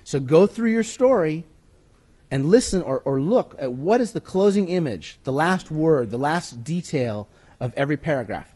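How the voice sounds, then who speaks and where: A man leads a writing workshop for a room of listeners in a fairly high voice that is mellow yet husky, with lively intonation at a normal speed. He teaches conversationally and emphatically, refers to handouts, and now and then steps away from the mic.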